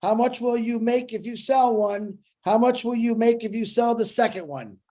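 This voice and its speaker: A co-host on a live stream reading out audience questions in a lively, chatty way. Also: medium pitch, moderate pace.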